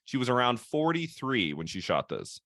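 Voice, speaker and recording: A man hosts a film podcast in a relaxed, chatty way, laughing often and restarting his sentences. His voice is bright and forceful. The sound is dry and close to the mic. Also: mid-range voice, normal speed, no echo. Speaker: podcast host. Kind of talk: casual film chat.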